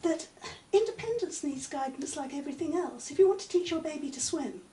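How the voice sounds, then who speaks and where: Older woman, high mellow voice, measured academic answers, recorded far off in an echoey room. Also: lively intonation. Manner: measured, articulate, many "um" pauses. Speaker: interviewee, literature professor. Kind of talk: conversational interview. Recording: echoey room, mic at a distance, faint noise.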